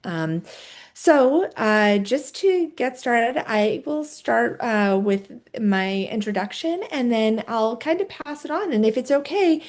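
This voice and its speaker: A woman's voice: fairly high pitch, animated, slow pace, darkish tone. Friendly woman hosting a webinar. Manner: friendly, many fillers. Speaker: host and social worker. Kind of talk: webinar introduction.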